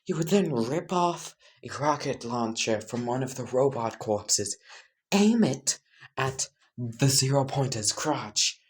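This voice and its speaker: Very deep-voiced woman spinning a silly fanfic. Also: expressive, slow. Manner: rambling, laughs at own jokes, self-corrections. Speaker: storyteller. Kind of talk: casual fan-fiction narration.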